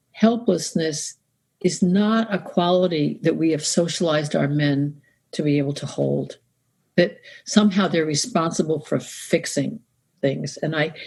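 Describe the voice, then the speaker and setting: A woman guest, a grief counselor, speaking in a calm, measured, reflective way on a podcast. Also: low voice, vocal fry, breathy edge. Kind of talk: conversational podcast interview.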